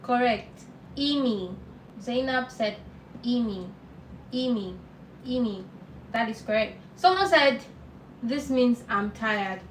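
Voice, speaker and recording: A woman teaching a live online beginner lesson, patient and repeating words slowly for learners. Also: on the high side, roomy sound, far from the mic, slight background noise, poor audio. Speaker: language teacher.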